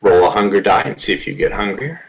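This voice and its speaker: Deep-voiced game master narrating vividly. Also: male voice, fast, creaky, low-quality recording. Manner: vivid, dramatic narration mixed with rules talk.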